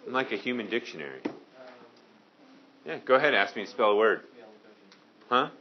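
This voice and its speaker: A man from Maine teaching a high school science class, casual and joking with his students. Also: big pitch swings, normal speed, dull audio. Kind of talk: classroom lecture.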